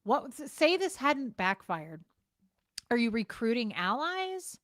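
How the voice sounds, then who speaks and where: A woman's voice: fairly high pitch, big pitch swings, slow, no room sound, clean studio sound. A woman vlogger ranting frankly and with exasperation, swearing and repeating herself as she talks to the camera. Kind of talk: casual talking-to-camera rant.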